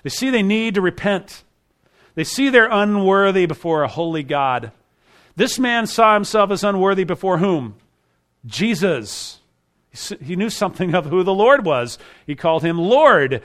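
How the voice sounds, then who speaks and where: A man's voice: high voice, expressive, a little slow. Emphatic man preaching a sermon. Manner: emphatic, repeats key phrases, swings between loud and quiet. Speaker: pastor. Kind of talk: expository sermon.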